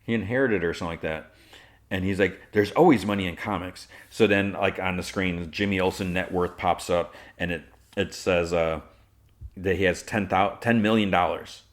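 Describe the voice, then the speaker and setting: Low-voiced man recapping casually. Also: normal speed. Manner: rambling, many fillers and restarts. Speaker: podcast host.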